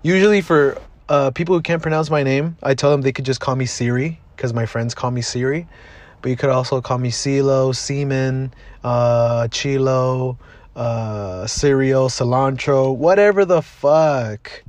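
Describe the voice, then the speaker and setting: A man's voice: mid-range voice, measured pace, darkish tone, no echo. A podcast host in his twenties from Southeast Los Angeles talks straight to the listener in a casual, motivational monologue. His speech is blunt and heartfelt, full of swearing, and recorded dry with no room sound. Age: 20s.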